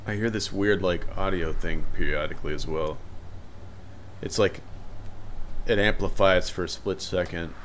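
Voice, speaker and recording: A man's voice: low voice, normal speed, long pauses, a bit bright, slight background noise. A man casually commentating a horror game he is playing, swearing and reacting with startled exclamations. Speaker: gaming channel host. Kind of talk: casual let's play commentary.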